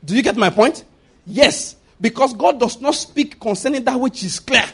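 Man, Nigerian accent, high-pitched, preaching a sermon, animated, rhetorical, chuckles a lot. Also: normal speed, vocal fry, husky.

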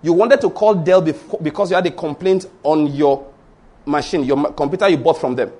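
This sermon comes from a middle-aged Nigerian pastor whose Yoruba accent colors a voice that's fairly high for a man and a little mellow. He moves along fairly quickly, narrating stories with animation, acting out the characters' lines, and tossing rhetorical questions to the audience.

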